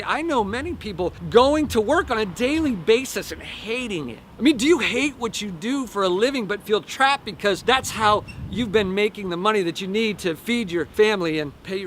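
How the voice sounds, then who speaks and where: A man, a life coach, telling an animated, folksy story to camera outdoors and drawing a lesson from it. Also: very high voice, a little hiss or hum. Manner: animated, folksy, with repeated phrases.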